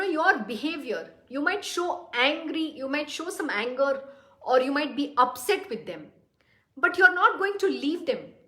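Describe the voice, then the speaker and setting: Woman teaching old scripture, high voice, earnest, asks lots of questions, echoey room. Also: fairly bright tone. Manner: earnest, reads verses slowly then explains with questions. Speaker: spiritual teacher. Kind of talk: scripture commentary talk. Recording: roomy echo.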